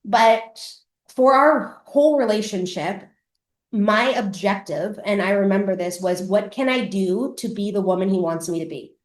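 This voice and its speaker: Woman, motivational coach, emphatic, swears casually, medium pitch, echoey room. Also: measured pace. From Canada. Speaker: coach and podcast host. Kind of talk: live motivational masterclass talk. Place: room at a live event. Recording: roomy echo.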